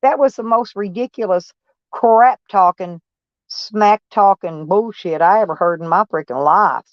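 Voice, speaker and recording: On a live stream, a woman talks in a medium-pitched voice at a measured pace; the recording is dry and lo-fi. She's blunt and folksy, replying to viewers by name and swearing mildly along the way.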